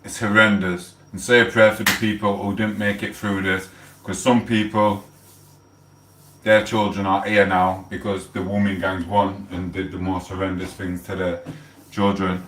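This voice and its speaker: A man's voice: low-pitched, little pitch movement, moderate pace, fairly bright tone. A man, rambling and swearing in a heated rant on a casual livestream. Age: 40s. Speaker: livestream host. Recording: echoey room, mic held far off.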